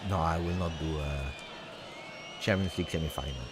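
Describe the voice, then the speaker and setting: A man commenting live on a football match, switching between muttered play-by-play and shouting at big moments. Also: a bass voice, brisk, crowd noise, background noise. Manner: excitable, shouts at big moments, drops Italian words. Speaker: football fan streamer.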